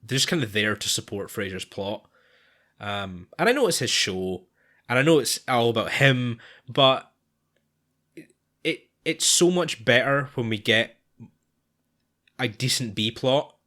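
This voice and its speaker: A man's voice: mid-range voice, animated, unhurried, long pauses, pushed and bright. A man co-hosting a podcast in casual chat, talking hesitantly with frequent restarts and sighs. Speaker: podcast co-host.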